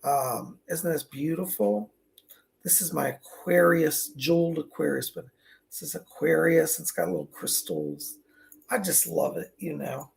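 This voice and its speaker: A man hosting a psychic livestream, chatty and effusive, his voice raspy and strained from a cold. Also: a little high, sing-song, unhurried. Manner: chatty, effusive, greets viewers by name. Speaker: psychic medium livestream host. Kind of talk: casual livestream chat. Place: indoors at a table.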